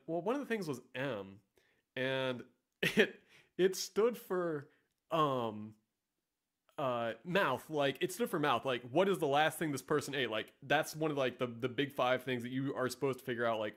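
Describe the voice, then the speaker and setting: A man's voice: medium pitch, a bit bright. A man giving sarcastic, profane, rambling casual commentary as the host of a vlog. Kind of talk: casual commentary reading ads.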